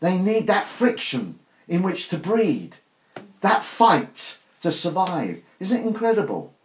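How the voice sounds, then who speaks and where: Slow, lively older male preacher. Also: high-pitched, a little hiss or hum. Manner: earnest, emphatic, rhetorical questions. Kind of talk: informal sermon to a small group. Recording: roomy echo.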